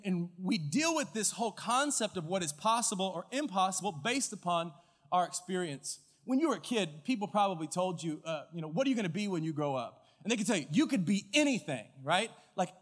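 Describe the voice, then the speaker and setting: A male pastor preaching a sermon, telling a story with acted-out dialogue and lively delivery. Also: high voice, big-room sound. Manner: animated storyteller, acts out dialogue and shouts at climaxes. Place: church auditorium. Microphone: stage mic with floor monitor.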